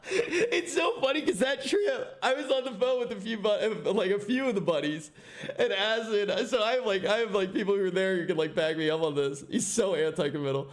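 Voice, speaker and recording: Guy streaming, high voice, laughs a ton, swears, animated storytelling. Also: normal speed. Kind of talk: casual chat reacting to a video.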